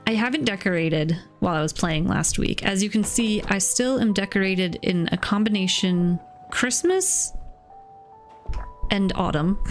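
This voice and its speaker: A woman's voice: mid-range voice, huge pitch swings, slow, long pauses, soft background music. A woman streamer chatting casually and offhandedly while playing a cozy game. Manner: chatty, giggly, swears offhandedly. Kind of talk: casual gameplay commentary.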